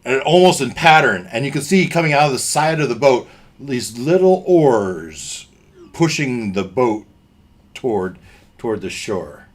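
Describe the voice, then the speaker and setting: A man's voice: medium pitch, sing-song, unhurried. A man running a tabletop fantasy game as game master, describing scenes to his players.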